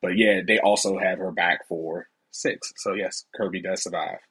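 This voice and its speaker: Husky, low-voiced man co-host. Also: fairly even intonation, normal speed, a bit bright. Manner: easygoing, rambling recaps. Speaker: podcast co-host. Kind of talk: casual movie review chat.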